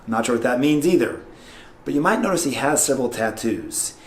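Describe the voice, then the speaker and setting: A man's voice: mid-range voice, animated, brisk. A man hosting a comedic campus introduction video, narrating in a playful mock-serious way. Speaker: host.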